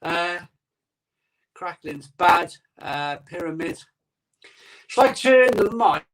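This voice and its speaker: A rambling, chatty man with a voice that sits a little high for a man. He hosts a casual live stream from his home conservatory and talks into a phone mic. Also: lively intonation, takes it slowly, fairly bright tone, distant mic, poor audio. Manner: rambling, chatty, reads out viewer comments. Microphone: iPhone microphone.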